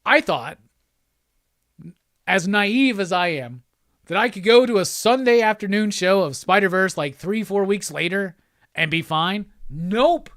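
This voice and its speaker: A man's voice: sits high, fairly bright tone, no echo, studio quality. A man hosting his show, delivering a profane, exasperated rant with emphatic repetition. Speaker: host. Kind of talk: profane ranting monologue.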